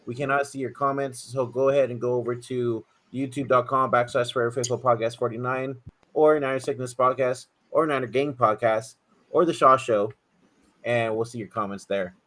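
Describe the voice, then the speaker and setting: A man hosting a sports podcast, introducing guests in a laid-back, brisk way. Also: mid-range voice, steady tone, a bit bright. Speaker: podcast host.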